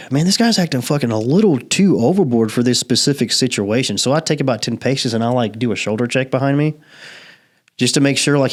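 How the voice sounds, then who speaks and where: A man hosting a podcast, telling a story in casual, profane chat and laughing often. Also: medium pitch. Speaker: podcast host.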